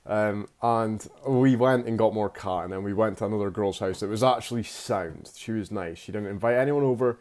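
A man's voice: fairly low pitch, moderate pace, hardly any pauses, a little mellow. Rambling, swearing young man telling a story. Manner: rambling and laid-back, heavy swearing and slang. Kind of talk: casual spoken storytelling.

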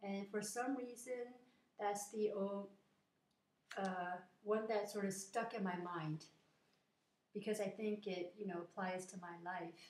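A woman's voice: mid-range voice, fairly even intonation, a little slow, a little mellow, a little hiss or hum. A woman casually retelling a fairy tale in a personal message, informal and meandering. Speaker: storyteller. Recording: echoey room.

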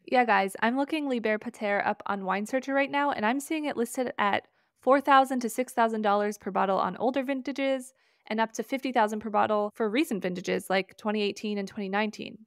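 Woman, podcast co-host, asks questions, quips, slightly high pitch. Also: fairly quick, clear, resonant tone, no room sound, clean studio sound. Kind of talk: casual chat.

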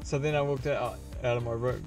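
A man's voice: mid-range voice, fairly quick, music in the background. A young man telling a rambling, profane dream story to a friend in casual chat. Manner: rambling, profane, animated retelling full of "like".

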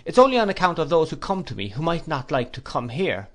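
An eager, good-humored young man with a modest manner, as a male audiobook reader voices him. He sounds lively and quick to laugh, raised a little above the reader's own voice, and speaks in a friendly, bouncy way. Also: fairly high pitch, pitched above the performer's own voice. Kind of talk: audiobook character voice.

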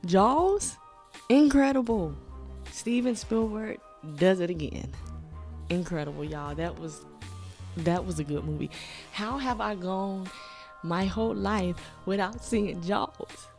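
A young woman, a movie reaction host who chats excitedly and keeps calling her viewers y'all. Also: on the low side, unhurried, soft background music. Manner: exclamatory, addresses viewers as y'all. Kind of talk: excited casual reaction chat. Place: home room.

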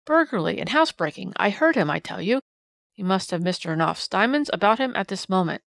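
A woman's voice: medium pitch, lively intonation, fairly quick, creaky, a bit bright, no room sound. A woman voicing a panicked male servant, blurting out jerky, frantic sentences in a storybook reading. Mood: agitated.

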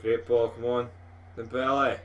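A young man with a Scottish accent, talking through his football game at a mid pitch. He swears freely and gets worked up like a fan in the stands, playing host for his own gaming channel. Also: a little slow, lo-fi sound. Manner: sweary, rowdy, excitable fan. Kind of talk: live gameplay commentary.

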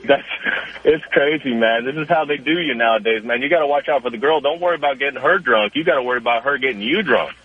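Fast, husky male caller on a phone line. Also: medium pitch, dry recording. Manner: laid-back, slangy. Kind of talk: casual call-in chat. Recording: dry, tinny phone line.

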